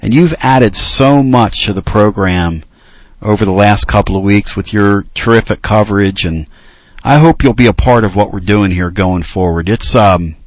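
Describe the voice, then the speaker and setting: Man, sports radio host, low voice, dry close sound, earnest, heartfelt. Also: no room sound, poor audio. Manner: earnest, heartfelt, halting with pauses. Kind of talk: casual sports talk show.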